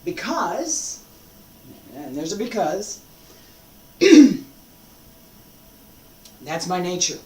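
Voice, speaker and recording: Slow, emphatic martial arts teacher in a roomy space. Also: medium pitch, very animated, far from the mic, a little hiss or hum. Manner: emphatic and determined, repeats phrases for force. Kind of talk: unscripted teaching talk.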